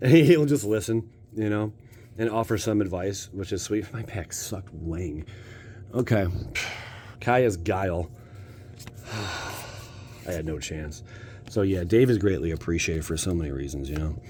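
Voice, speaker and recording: American man, fairly low voice, casual card-pack opening chatter, playful, faint hiss behind. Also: unhurried, pauses often, warm tone. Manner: playful, jokey, talks to viewers. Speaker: channel host opening card packs.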